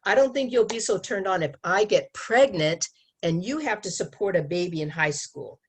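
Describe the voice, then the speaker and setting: A woman educator giving an animated talk to an audience, acting out quoted lines and laughing often. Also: mid-range voice, moderate pace, husky. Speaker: abstinence educator. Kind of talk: presentation to an audience.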